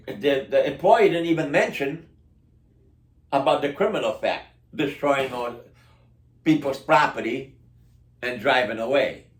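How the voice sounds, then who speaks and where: Fairly high-voiced guy ranting about his neighborhood, rambly, keeps restarting, echoey room. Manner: indignant, rambling, with frequent restarts and broken grammar. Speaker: local resident complaining about city officials. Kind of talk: casual spoken complaint monologue.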